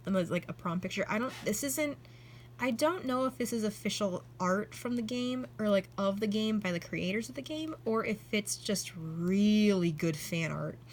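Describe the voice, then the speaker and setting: An excitable young woman talks her way through a journal for her channel, rambling from one thought to the next and leaning on "like" constantly. Her voice sits at an ordinary middle pitch. A faint hum of room ambience runs underneath. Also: moderate pace. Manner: rambling and excitable, heavy use of "like". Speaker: vlogger. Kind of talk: casual chat flipping through a journal.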